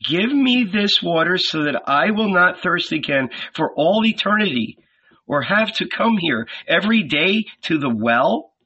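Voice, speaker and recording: A man's voice: high-pitched, sing-song, measured pace, bright, forceful tone, breathy edge, lo-fi sound, pitched above the performer's own voice, full character voice. A man reading an audiobook, voicing an eager, troubled village woman in a raised voice. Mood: earnest.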